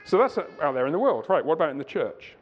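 A man lecturing a church audience in a conversational way. He asks rhetorical questions and sometimes digresses. His voice is fairly high-pitched, and the recording sounds muffled and lo-fi. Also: very animated, fast talker, long reverb tail. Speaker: Christian conference speaker.

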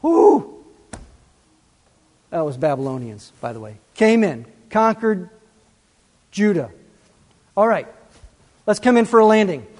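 A man preaching a sermon, animated and full of rhetorical questions, swinging between loud and soft. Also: high-pitched, a little slow, pauses often. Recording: long reverb.

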